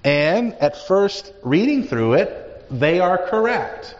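A man's voice: sits high, very animated, slow. A man teaching a Bible class, explaining emphatically and asking rhetorical questions. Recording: dull recording with hall reverb.

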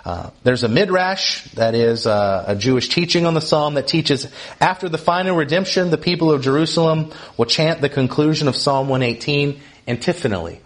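A male pastor teaches from scripture with an animated, swinging delivery. He raises his voice for the quotations he reads and drops back for the explanations. His tone stays at a middling pitch. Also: normal speed, few pauses. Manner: animated, lively, reads quotes in a raised voice, asks the congregation questions. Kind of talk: teaching sermon.

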